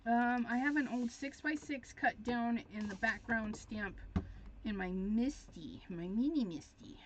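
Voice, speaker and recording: A woman talks viewers through a crafting project in a casual, thinking-aloud way, getting excited as she goes. Her voice sits on the higher side and her pace is leisurely. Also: a little slow, a little hiss or hum. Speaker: craft demonstrator. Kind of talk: live crafting tutorial chat.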